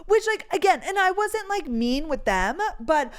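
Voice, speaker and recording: A woman's voice: very high voice, very animated, unhurried, background noise. A young woman telling a frustrating story in a casual, exasperated rant, swearing freely and saying "like" a lot. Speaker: podcast host. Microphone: voice memo recording.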